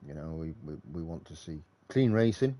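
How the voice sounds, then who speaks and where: A man commentating live on a racing league in a relaxed, chatty way, thinking aloud between updates. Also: extremely low pitch, normal speed.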